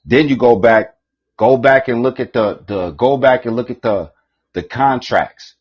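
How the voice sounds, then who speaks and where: A man giving a preachy, profane rant, repeating himself often, with a husky voice. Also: medium pitch, a little slow, dull audio. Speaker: vlogger.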